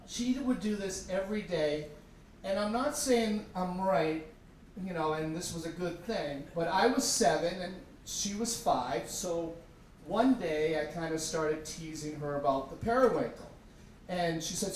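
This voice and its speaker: A man's voice: a little high, moderate pace. Man telling a funny story in an echoey room. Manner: humorous, self-deprecating, animated. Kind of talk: live storytelling to an audience. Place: tavern stage. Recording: echoey room from far off, faint background noise.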